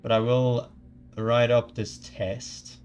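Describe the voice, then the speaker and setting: Slow-talking man streaming casually. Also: mid-range voice, level tone, a little mellow, faint music behind. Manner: rambling, stumbling restarts, mock-formal asides. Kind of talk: casual live-stream chat.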